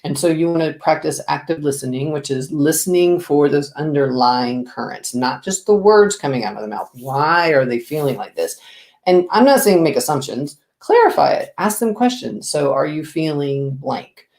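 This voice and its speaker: A woman business coach giving an expressive, lively talk to the camera, asking the viewer direct questions. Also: deep voice, normal speed, reverberant.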